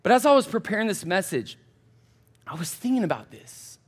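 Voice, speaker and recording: A man preaching to college students in a church, his voice sitting high for a man. He tells stories in a loose, chatty way and speaks right to the listeners. It sounds like a relaxed sermon. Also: fairly quick, husky. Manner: chatty, animated anecdotes addressing the crowd directly. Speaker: college pastor. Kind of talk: casual storytelling sermon.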